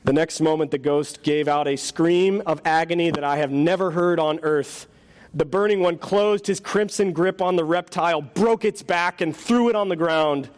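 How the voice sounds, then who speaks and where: Earnest high-voiced male pastor. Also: normal speed. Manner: earnest, dramatic, emotive. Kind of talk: sermon with storytelling. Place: church sanctuary.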